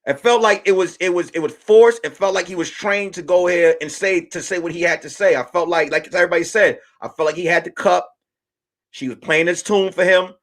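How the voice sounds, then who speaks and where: High-voiced, animated male comedian. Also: a little fast. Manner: animated, profane, rambling restarts. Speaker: comedian host. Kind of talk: live-stream comedy rant.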